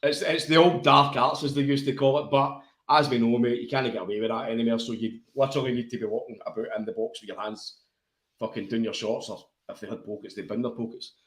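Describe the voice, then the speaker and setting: A fast-talking Glaswegian with a steady, medium-pitched voice co-hosts a football podcast. Bluntly and matily, he swears freely as if chatting at the pub, with the sound bouncing around an echoey room.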